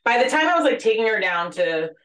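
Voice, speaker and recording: Woman, podcast co-host, animated storyteller, lots of fillers, echoey room, a bit away from the mic. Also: on the high side, quick pace, far from the mic. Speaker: podcast co-host, former labor and delivery nurse. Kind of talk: casual storytelling chat.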